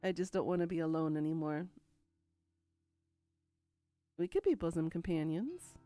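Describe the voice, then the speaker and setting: Woman narrator, low voice, dry, musing, first-person story reading. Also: animated, quick pace, warm tone, dry recording, faint music behind.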